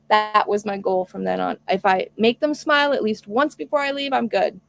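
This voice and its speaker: A woman's voice: medium pitch, sing-song, normal speed, creaky, hardly any pauses, no room sound. A woman hosting a casual live stream, talking earnestly and reading viewer comments aloud. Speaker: homestead live stream host.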